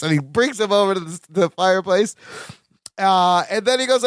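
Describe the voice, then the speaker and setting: High, lively man recapping a sitcom. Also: normal speed, no room sound, clean studio sound. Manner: animated, acts out lines from scenes. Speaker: podcast co-host. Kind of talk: casual recap chat.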